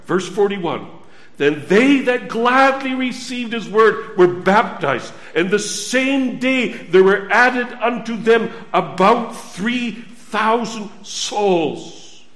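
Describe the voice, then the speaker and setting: A man's voice: high voice, fairly bright tone. A man preaching a sermon, earnestly putting questions straight to the congregation. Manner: earnest, addresses the listeners directly with questions. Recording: echoey room.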